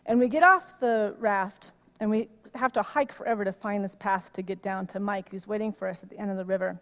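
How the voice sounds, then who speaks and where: A middle-aged woman giving a conversational sermon, telling a personal story in an animated way that rises loud when she gets worked up. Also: mid-range voice, brisk. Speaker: minister. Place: church sanctuary. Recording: long reverb of a hall.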